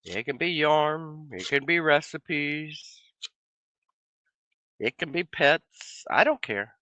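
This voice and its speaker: A man hosting a casual livestream chat from a home office, a bit hoarse from losing his voice, talking in an easygoing, rambling way with many trailing restarts. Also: on the high side, lively intonation, slow, pushed and bright, no echo. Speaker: livestream host. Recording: slightly dull lo-fi sound.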